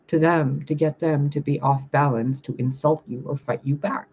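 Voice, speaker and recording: A spiritual reader speaking bluntly and profanely in a casual livestream rant, reading out viewer comments and answering them. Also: male voice, on the high side, steady tone, moderate pace, hardly any pauses, darkish tone, slightly rough, muffled recording.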